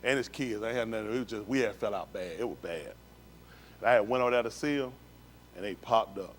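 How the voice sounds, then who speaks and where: Speaking a little fast in a fairly low voice, with slight background noise, a man gives his personal testimony to a congregation during a synagogue livestream. It's emphatic, repetitive storytelling in plain street slang.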